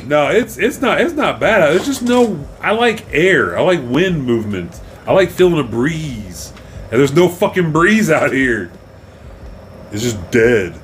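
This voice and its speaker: A man's voice: a little high, big pitch swings, measured pace, slight background noise. A man, co-hosting a loose, swearing podcast chat and breaking into yelps and mock cheers. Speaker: podcast co-host. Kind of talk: casual stoned chat.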